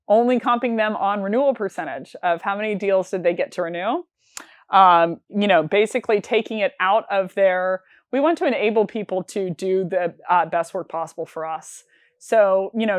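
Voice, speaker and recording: A woman's voice: lowish voice, no room sound, studio quality. A woman hosting a sales show, talking through business advice in a candid, conversational way and counting off her points one by one.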